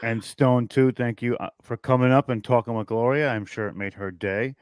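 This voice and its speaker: A man hosts an online conference over a video call, talking in a chatty and effusive way. His voice is smooth and resonant. The sound is close and dry. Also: medium pitch, steady tone, normal speed, no room sound. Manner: effusive and chatty, frequent "you know". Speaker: conference host. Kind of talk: casual online conference chat. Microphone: video call mic.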